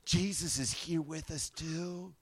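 A man preaching a sermon, swinging between loud emphatic lines and hushed, quiet asides. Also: fairly high pitch, fairly even intonation, slow pace, slightly rough. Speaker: pastor.

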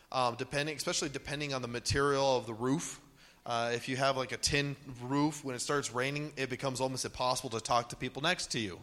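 Male preacher, animated sermon delivery, light high voice, long reverb of a large hall. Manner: animated, acts out panicked voices.

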